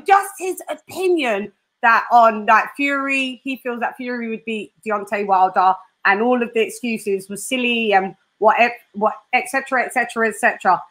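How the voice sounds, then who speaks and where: A woman hosts a casual interview, her voice sitting a little high for a woman. She talks in an animated way, laughs a lot and acts out little quotes as she goes.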